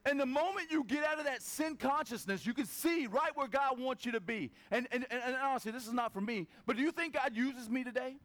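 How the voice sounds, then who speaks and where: A man's voice: very high-pitched, fast talker, few pauses. A male pastor preaching a casual sermon, telling stories and acting out voices as he goes. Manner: animated storytelling, acts out voices.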